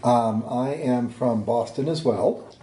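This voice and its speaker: A man's voice: mid-range voice, slow pace, dark tone. Casual man in an echoey room. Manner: teasing, casual. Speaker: player. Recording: echoey room, clear background noise.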